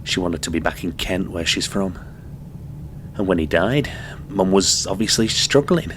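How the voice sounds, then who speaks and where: A man playing a grown son who recounts his childhood in a halting, subdued way. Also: low-pitched, animated, noisy background. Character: weary grown son of abused mother.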